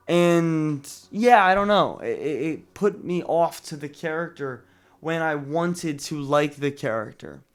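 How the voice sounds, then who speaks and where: A man's voice: fairly high pitch, a little slow. A man giving a casual spoken movie review, talking loosely with restarts and fillers. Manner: conversational, many restarts and fillers.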